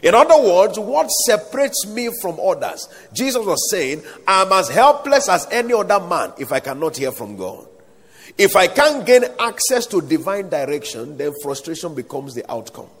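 Preacher guy, high lively voice, kinda husky, booming around a big echoey hall. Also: normal speed. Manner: preaching with calls for amen and King James quotations. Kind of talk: sermon.

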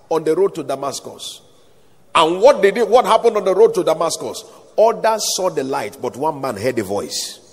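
A man preaches in a high, husky voice that swings widely in pitch. He stretches his stresses into a sing-song cadence and calls the crowd to answer amen. His words ring out with a long hall reverb. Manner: calls for amens, sing-song emphatic delivery, slow drawn-out stresses. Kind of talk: sermon.

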